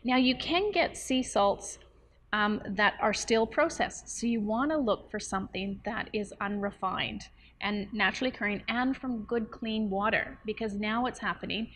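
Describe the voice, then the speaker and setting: A woman's voice: medium pitch, moderate pace, a bit bright. Chatty woman explaining to camera. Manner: chatty and explanatory, with playful asides. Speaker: nutrition coach. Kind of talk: casual talk to camera.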